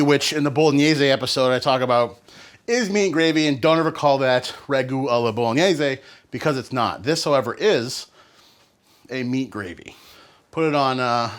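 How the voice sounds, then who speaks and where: A man of ordinary, middle pitch hosts a cooking show in a relaxed, conversational way. He talks through the steps with offhand jokes and self-deprecating asides. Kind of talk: casual cooking demonstration.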